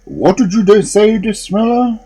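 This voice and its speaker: A man voicing a huge, gruff, suspicious male ogre in a storybook reading. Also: sits high, expressive, a little slow, dark tone, voice pushed up, full character voice.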